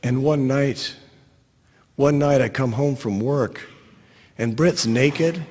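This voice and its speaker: A middle-aged man reading his own short story aloud in a dry, even storytelling manner. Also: mid-range voice, slow, long reverb tail.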